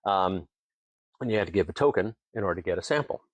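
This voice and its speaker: A deep-voiced, fast-talking man from Tenino, Washington, who owns a distillery, shares folksy stories in a casual interview. A lively storyteller, he chuckles and acts out other people's lines, with no room sound in the clip.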